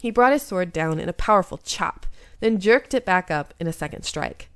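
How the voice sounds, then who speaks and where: A woman's voice: fairly low pitch, lively intonation, moderate pace, clear, resonant tone, no room sound, clean studio sound. A woman YouTuber reading a visual novel aloud in first person, breaking off now and then to comment. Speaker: gaming YouTuber.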